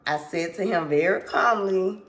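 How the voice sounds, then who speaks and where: A woman vlogger tells her viewers a casual storytime, candid and rambling, swearing freely and apologizing whenever she loses her thread. Her voice is medium-pitched, unhurried and fairly bright.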